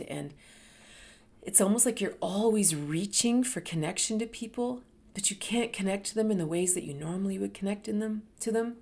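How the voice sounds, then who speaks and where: A middle-aged woman telling a personal story, animated and dropping to whispers for emphasis. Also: lowish voice. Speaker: host.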